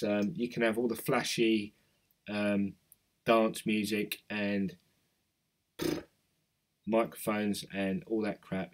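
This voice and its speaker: London bloke rambling about crypto stuff to his viewers, loose chatty talk. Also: lowish voice. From South East London. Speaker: crypto YouTuber. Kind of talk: casual chat with live chat viewers.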